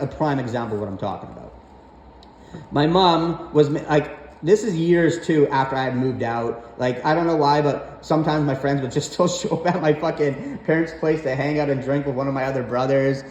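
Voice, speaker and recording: Brief: slightly high-voiced man, profane and exasperated storyteller, echoey room with faint hum. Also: moderate pace, a little mellow. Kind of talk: casual storytelling rant.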